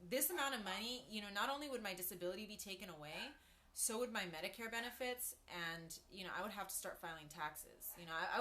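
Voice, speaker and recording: A woman's voice: medium pitch, pushed and bright, slight background noise. A woman talking casually to her viewers on a live stream, chatting through a story with asides and greetings to people joining. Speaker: livestreamer.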